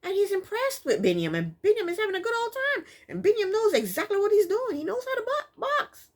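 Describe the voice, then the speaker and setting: A woman's voice: very high voice, sing-song, brisk. A woman giving a casual, opinionated recap of a reality TV episode, sassy and exasperated. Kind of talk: casual commentary.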